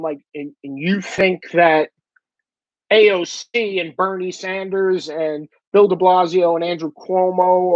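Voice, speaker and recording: A man's voice: high-pitched, no room sound. Profane ny-jersey accented guy ranting at the camera, dull lo-fi dry sound. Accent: New York / New Jersey. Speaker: independent journalist, vlogger. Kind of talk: casual opinion monologue.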